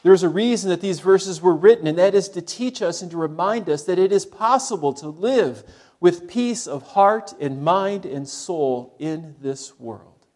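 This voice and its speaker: A middle-aged man preaching a sermon as pastor. He speaks conversationally and drops to soft, low tones for emphasis. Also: animated, measured pace.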